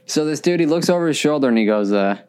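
A man's voice: on the high side, expressive, quick pace, a little mellow, clear, resonant tone. A man telling a rambling comic story in a casual chat, full of "like" and "um". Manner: laid-back, rambling with frequent "like" and "um".

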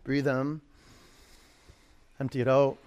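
A man's voice: mid-range voice, completely flat delivery, takes it slowly, darkish tone, clear, resonant tone. A man teaching a live yoga class, calling out poses, counting down holds and coaching students by name.

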